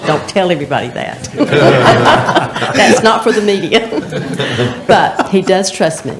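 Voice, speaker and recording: A woman's voice: on the low side, sing-song, slow pace, reverberant, slight background noise. A woman, a state representative, presenting an award at a town council meeting, chatty and laughing between formal lines. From North Carolina.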